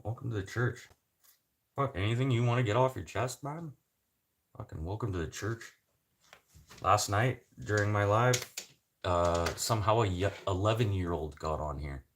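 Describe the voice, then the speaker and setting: Foul-mouthed deep-voiced man streaming. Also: normal speed, long pauses. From Canada. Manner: profane, rambling, loud bursts. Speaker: livestream host. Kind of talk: casual livestream chat.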